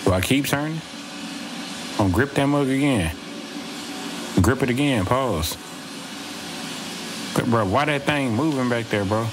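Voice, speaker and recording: A man talking through a horror game as he plays, rambling, joking and saying bro every few words. His voice is of middling pitch. Clear game noise runs under him. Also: expressive, unhurried, long pauses. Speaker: gaming streamer. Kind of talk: let's play commentary. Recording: game audio playing under voice.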